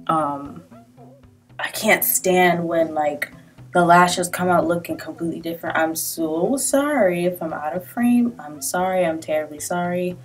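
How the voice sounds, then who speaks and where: A woman talks through a makeup tutorial in a slow, low-key, rambling way, full of slang and quick apologies. She sits a bit away from the mic in a small room at a desk, with faint music playing behind her. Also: recorded from a distance. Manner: rambling, self-mocking, slangy, often apologizing. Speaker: beauty vlogger. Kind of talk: casual makeup tutorial talk.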